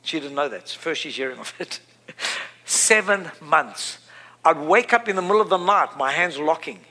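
A man preaching a sermon, emphatic, repeating his phrases and building to loud peaks. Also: on the high side, lively intonation, moderate pace.

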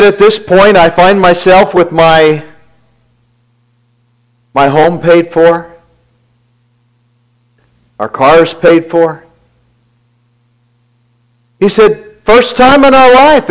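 A man giving a devotional talk, earnestly retelling a friend's words and quietly counting his blessings. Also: on the high side, low-quality recording. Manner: reflective, quiet listing of blessings.

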